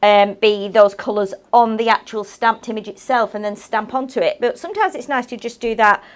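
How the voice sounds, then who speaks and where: A woman's voice: a little high, a little fast. A woman demonstrating crafts on a live show, talking in a chatty, rambling, self-mocking way. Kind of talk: live shopping craft demo chat.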